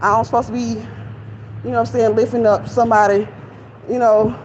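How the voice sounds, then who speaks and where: A woman's voice: a little high, flat delivery, moderate pace, a little mellow. Young woman venting on a walk. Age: young adult. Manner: chatty, candid, venting to viewers. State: out of breath while walking. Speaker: vlogger. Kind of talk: casual rambling vlog. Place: outdoors near a shopping center. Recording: lo-fi phone audio, traffic noise.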